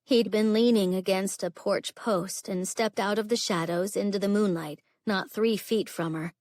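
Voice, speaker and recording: A woman reads a contemporary romance novel aloud in a steady, even storytelling voice. Her pitch is average for a woman, and the recording is close and dry. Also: normal speed, no echo. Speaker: audiobook narrator. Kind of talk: scripted narration.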